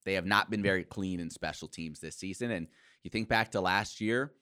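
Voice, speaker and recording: A man's voice: deep voice, a little fast, sharp tone, clean tone. A man co-hosting a sports talk show, chatting casually with many fillers and restarts.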